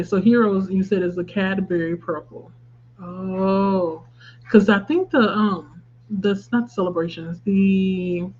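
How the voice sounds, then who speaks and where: Her voice medium in pitch, darkish and breathy-edged, a woman in her thirties chats through a casual craft livestream, laughing at what viewers comment. The stream audio is slightly dull, with a faint hum underneath.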